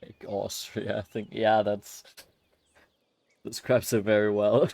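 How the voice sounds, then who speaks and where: A man's voice: on the low side, little pitch movement, takes it slowly, gravelly, darkish tone, no echo. A young man, streaming a game and chatting loosely with his viewers, rambling and swearing as he goes. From Germany. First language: German. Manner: rambling, loose, swears and laughs, talks to chat. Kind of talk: casual live-stream chat while playing.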